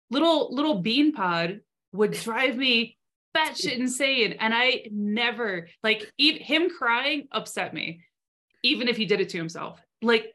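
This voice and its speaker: Young woman cohost, bright voice, animated stories, swears a lot. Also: fairly high pitch. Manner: animated storytelling, swears freely. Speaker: podcast co-host. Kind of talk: casual chat.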